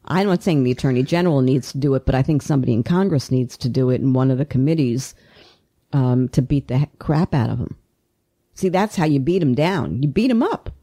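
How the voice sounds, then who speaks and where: A woman hosting a political talk podcast, talking with passion, often restarting her sentences and climbing sharply in pitch when she gets worked up. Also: warm tone, breathy edge. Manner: impassioned, voice climbs when emotional; rapid, repetitive restarts. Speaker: podcast host. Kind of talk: political talk show discussion.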